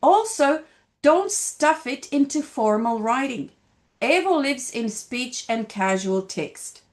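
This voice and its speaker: Lively high-voiced woman teaching slowly. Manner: lively, demonstrative, stresses example phrases. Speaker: language teacher. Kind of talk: scripted video lesson.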